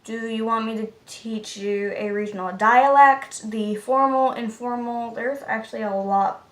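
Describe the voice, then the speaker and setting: A woman vlogger answering viewer questions in a casual, rambling way, with lots of "uh" fillers and stretches where she drops to a soft murmur. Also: on the high side, a little slow. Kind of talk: casual Q&A vlog. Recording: roomy echo with faint background noise.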